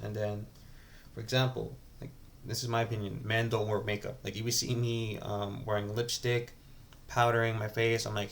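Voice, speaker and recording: A man's voice: lowish voice, level tone, fairly quick, a little hiss or hum. A man talking casually to camera at home in a rambling, hesitant confessional, restarting sentences often. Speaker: vlogger.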